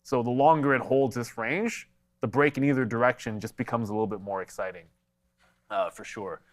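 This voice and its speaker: A man co-hosting a live market stream, talking trades in a blunt, plain-spoken way. His voice sits at an ordinary middle pitch and sounds a little congested from allergies. He answers viewers' chat questions as he goes. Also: brisk. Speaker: stock market show co-host. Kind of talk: live trading commentary.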